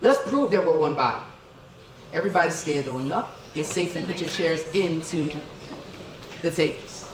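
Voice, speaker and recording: A middle-aged man giving a motivational keynote in an event hall, energetic, calling for crowd responses and counting out dance moves. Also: fairly high pitch, normal speed, long pauses, noisy background. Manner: energetic, leads crowd through dance counts, keeps asking "okay?". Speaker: keynote speaker. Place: event hall with tables and chairs. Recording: echoey hall, voice from a distance.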